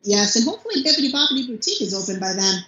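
A young woman, a podcast guest, chatting casually and telling animated stories about family travel. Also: fairly high pitch, rapid-fire, roomy sound, lo-fi sound. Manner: chatty, animated storytelling with mimicked child voice. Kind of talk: casual interview chat.

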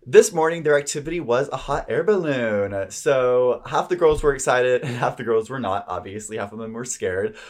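A man's voice: mid-range voice, lively intonation, normal speed, few pauses, darkish tone. A man co-hosting a podcast, recapping a reality show in gushing, chatty talk. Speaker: podcast co-host. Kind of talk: casual recap chat.

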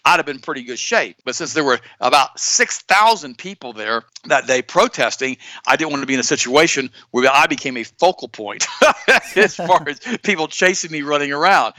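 A man hosting a talk radio show, telling stories and commenting on the news to his co-host in an animated, repetitive way. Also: a little high, normal speed, dry recording. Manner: storytelling, animated, repeats himself; addresses co-host directly.

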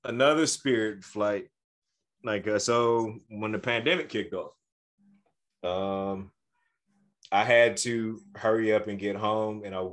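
A man co-hosting a podcast, telling a travel story in a casual, animated way and acting out the people he quotes. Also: fairly low pitch, takes it slowly, pauses often. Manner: animated, acts out quoted voices. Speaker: podcast co-host.

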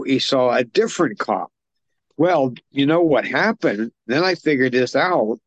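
Male podcast co-host, mid-pitched, chatty plot recap, loose and rambling, dry close mic. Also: no room sound, highs cut off. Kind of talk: casual film discussion.

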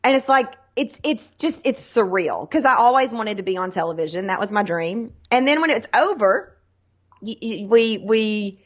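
A woman's voice: medium pitch, moderate pace, dull audio. A middle-aged woman from Tennessee with a Southern accent, chatting as an interview guest and acting out the people in her stories. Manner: animated storytelling, acts out quotes. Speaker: guest, sales trainer. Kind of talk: casual interview chat.

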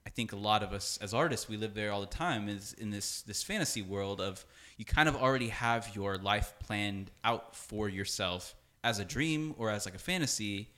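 A young male music producer, a guest in a casual conversation, talks in a lowish voice at normal speed with few pauses. He's animated, peppers his speech with "like," and acts out what people said.

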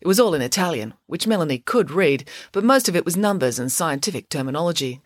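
A woman narrating a storybook in a lively, expressive reading voice. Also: deep voice, fast talker, no echo, studio quality. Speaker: audiobook narrator.

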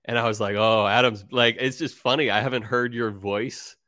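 A man's voice: medium pitch, steady tone, fairly quick, pushed and bright, no room sound. Easygoing male co-host, casual podcast banter, dry sound.

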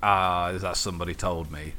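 With faint music playing behind him, this male podcast co-host tells stories in a lively, casual way, cursing without restraint and performing the voices of people he's quoting. He speaks in a low voice at a brisk clip.

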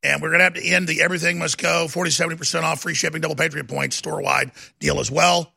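A man's voice: on the high side, steady tone, fast talker, vocal fry, bright, forceful tone, dry recording, clean studio sound. A middle-aged man hosting a political talk show, delivering an emphatic, ranting monologue. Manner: emphatic, ranting, restarts and rising intensity.

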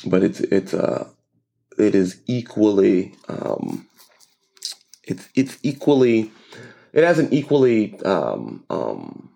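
A man with a very deep, gravelly voice chats casually on a podcast. He rambles and restarts often, with a dry, joking edge. His tone is dark and mellow. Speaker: podcast co-host. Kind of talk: casual conversational chat.

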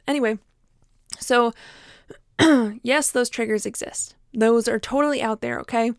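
Frank, chatty woman vlogger; higher voice, close and dry sound, loose and personal delivery. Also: steady tone, a little slow, pauses often, no echo. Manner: chatty, many fillers and restarts; frank, personal, laughs at herself. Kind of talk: casual talk to camera.

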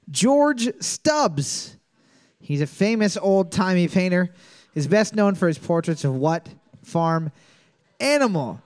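A man with a notably high voice runs a live trivia night at a bar. He reads the questions and scores in an announcing tone, then slips into quick jokes between them. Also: big pitch swings. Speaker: trivia host.

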